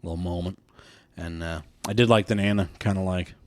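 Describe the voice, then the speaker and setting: A man's voice: low-pitched, steady tone, a little fast, a little hiss or hum. A young man co-hosting a podcast, recapping a film in casual, profane chat full of laughs and tangents. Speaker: podcast co-host. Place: room with many windows.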